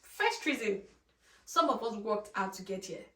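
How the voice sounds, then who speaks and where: A woman's voice: medium pitch, animated, measured pace, sharp tone, reverberant, recorded from a distance. A woman from Nigeria with a Nigerian accent, chatting casually in her vlog and using lots of fillers. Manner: chatty, conversational, many "like" fillers. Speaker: vlogger. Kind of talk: casual chat.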